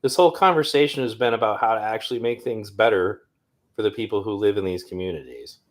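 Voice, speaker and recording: A man's voice: lowish voice, lively intonation, quick pace. A man appearing as a guest on a political talk show, arguing his points in a dismissive tone. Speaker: guest commentator. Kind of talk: political discussion.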